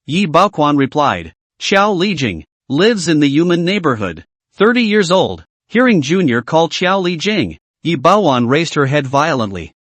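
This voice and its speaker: A man narrates a story recap, reading every character's lines himself. His voice sits a little high, with a lively pitch that rises and falls constantly. The sound is close and dry, with no room around it. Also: no echo.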